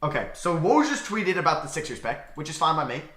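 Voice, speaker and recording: A young man hosting a live draft reaction stream, excitable and talking back to his chat, swinging from near-shouts to mutters. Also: a little high, a little fast. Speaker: livestream host. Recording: roomy echo.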